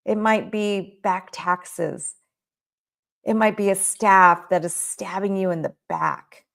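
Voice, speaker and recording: A woman's voice: medium pitch, expressive, slow, creaky, a bit bright. A woman coaching child care business owners in a motivational talk, emphatic and full of repeated rhetorical questions.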